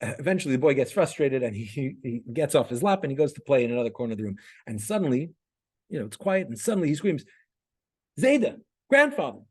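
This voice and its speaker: Husky man teaching a class. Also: medium pitch, animated, fast talker, mellow. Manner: conversational, many restarts and "right?" checks. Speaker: class instructor. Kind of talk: classroom lecture with storytelling.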